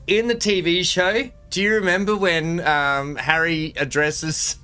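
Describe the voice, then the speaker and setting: A man streaming a game live, chatting in an excitable, rambling way and laughing often. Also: on the high side, measured pace, hardly any pauses, smooth, faint music behind. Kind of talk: live gameplay commentary.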